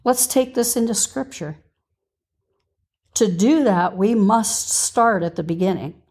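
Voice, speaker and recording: A woman's voice: medium pitch, slow, a little mellow, slightly rough. A woman hosting a podcast and teaching scripture in an earnest way, reading verses aloud and stopping to give reference numbers.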